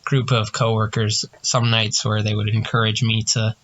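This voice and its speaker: A young man co-hosting a podcast, telling lively work stories in casual chat. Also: fairly low pitch, moderate pace, lo-fi sound. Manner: storytelling with animated quoted voices. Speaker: podcast co-host.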